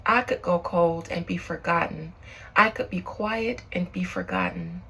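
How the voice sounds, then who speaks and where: A woman's voice: lowish voice, a little slow, vocal fry, bright, forceful tone, husky, heavily acted, rough recording. A woman medium voicing a hurt, resentful female spirit during a spiritual channeling session, in a bitter, aggrieved lament.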